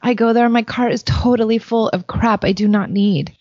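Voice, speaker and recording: A woman's voice: fairly high pitch, steady tone, darkish tone, no echo, muffled recording. A middle-aged woman chatting candidly and reflectively about parenting and herself, often acting out her own thoughts. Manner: candid, self-reflective, quick bursts of quoted self-talk. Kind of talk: casual chat.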